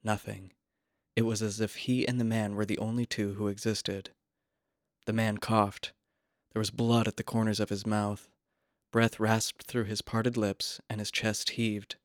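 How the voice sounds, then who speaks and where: Low, dry-voiced male story reader. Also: no room sound. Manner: measured, quiet, even storytelling. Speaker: narrator. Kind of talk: scripted literary narration.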